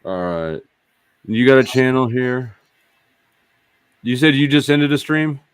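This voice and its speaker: A man's voice: medium pitch, expressive, slow, clean tone, no room sound. A man hosting a casual livestream panel over a video call, offhand and blunt. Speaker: panel host.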